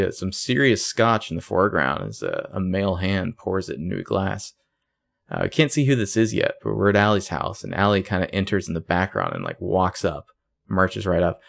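A man with a fairly low voice talks casually about a show, quick and sarcastic. He slips into the characters' lines as he goes. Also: very animated, vocal fry. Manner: chatty, sarcastic, acts out quoted lines. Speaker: podcast co-host recapping a TV episode. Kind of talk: casual chat.

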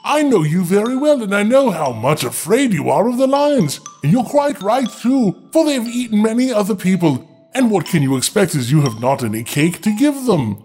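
A smug little yellow-faced dwarf, voiced by a man, high and sing-song, looking down on everyone. He talks with haughty disdain, and his pitch swoops around with faint music underneath. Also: big pitch swings, moderate pace.

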